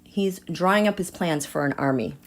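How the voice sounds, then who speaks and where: A woman hosting a live tarot reading who talks straight to her viewers and swings between hushed asides and excited outbursts. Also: lowish voice, normal speed. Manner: chatty, addresses viewers directly. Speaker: tarot reader and livestream host.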